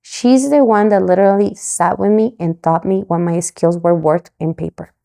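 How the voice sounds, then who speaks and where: A woman's voice: lowish voice, moderate pace, vocal fry. A middle-aged woman from Mexico, a podcast guest telling a story and acting out the lines of others. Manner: animated, acts out quoted dialogue. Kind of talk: storytelling interview.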